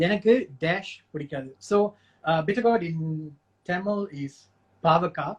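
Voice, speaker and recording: A guest in a casual chat, relaxed and patiently explaining while laughing often. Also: male voice, high-pitched, very fast, muffled recording.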